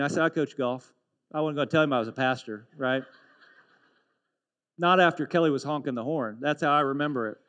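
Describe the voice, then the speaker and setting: A man preaching a sermon as pastor, telling a story with animated, earnest delivery and building to a call to renewal. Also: a little high, a little fast, pauses often.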